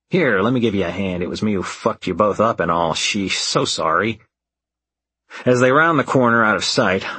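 Deep husky man narrating gritty fiction. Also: sharp tone, dry recording. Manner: gritty, profane, wry. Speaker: audiobook narrator. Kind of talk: first-person audiobook narration.

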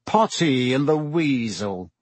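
A man's voice: mid-range voice, expressive, takes it slowly, a little mellow, no room sound. A man voicing a sneering, spoiled teenage bully with a lazy drawl.

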